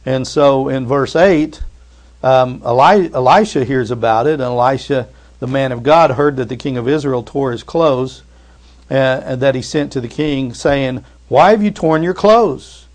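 A man preaching a sermon in a conversational way, retelling scripture and rising to loud emphatic bursts. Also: mid-range voice, moderate pace. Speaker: pastor.

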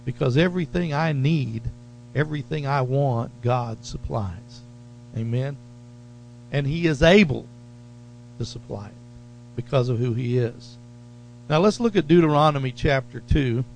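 A man's voice: mid-range voice, animated, vocal fry, a little mellow, a little hiss or hum. A man preaching a sermon as pastor, leaning hard on key phrases and drawing them out. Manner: slow, emphatic preaching with drawn-out stressed phrases.

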